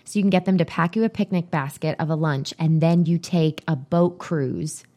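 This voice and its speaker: A woman's voice: low voice, moderate pace, mellow. A woman co-hosting a podcast, chatting casually and rambling as she reads items off a list. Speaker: podcast co-host. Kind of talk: casual chat.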